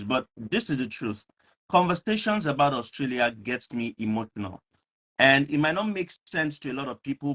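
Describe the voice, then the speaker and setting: A man hosting an online talk show, speaking earnestly and emphatically, often repeating himself. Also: mid-range voice. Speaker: host.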